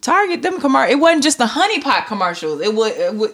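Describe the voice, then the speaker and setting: A woman's voice: on the high side, big pitch swings, quick pace, a bit bright. A woman from Queens co-hosting a podcast, blunt and emphatic in casual chat, swearing as she talks. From Queens, New York. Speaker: podcast co-host.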